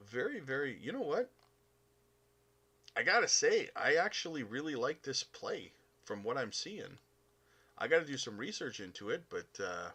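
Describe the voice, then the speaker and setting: Canadian guy on a live stream, chatty and friendly, bright voice, lots of uhs. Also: mid-range voice. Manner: upbeat, chummy, calls viewers buddy, many uh fillers. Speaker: crypto live stream host. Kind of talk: casual live stream chat reading comments.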